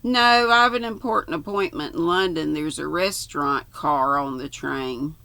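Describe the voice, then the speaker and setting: Elderly male lawyer, soothing, formal, gravelly, older Southern woman reading, dry. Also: low voice, unhurried, pushed and bright, no room sound, heavily acted. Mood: reassuring.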